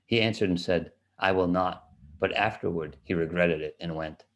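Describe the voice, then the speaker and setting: A man giving a steady, measured reading of scripture aloud. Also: low-pitched. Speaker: scripture reader.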